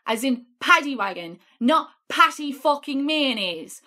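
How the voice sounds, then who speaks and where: A woman's voice: sits high, animated, unhurried, few pauses, sharp tone. An Irish woman, a guest writer, trading brash, foul-mouthed jokes in casual comedic banter. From Ireland.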